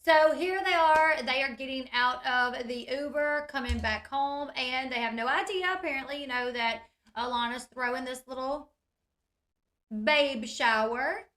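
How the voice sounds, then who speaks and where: Fairly bright and high-sitting, this woman's voice moves a little slowly as she recaps a reality show for her YouTube viewers. She addresses them directly in a relaxed, chatty way, saying "like" and "you guys" constantly.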